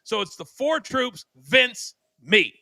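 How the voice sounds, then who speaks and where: A man's voice: very high voice, very animated, slow pace, gravelly, sharp tone, dry recording. An older man, a co-host of a talk show, telling a long story with dramatic flair and acted-out sound effects. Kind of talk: animated storytelling.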